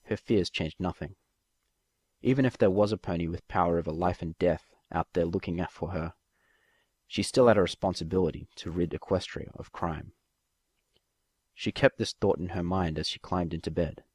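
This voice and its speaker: A man's voice: deep voice, moderate pace, darkish tone, no echo. A man reading a fan fiction story aloud as narrator. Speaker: story reader.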